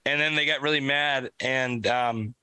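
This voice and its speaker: A young man co-hosting a podcast, telling an animated, profane story in casual chat. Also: mid-range voice, a little slow, clean tone, no room sound, rough recording. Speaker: podcast co-host.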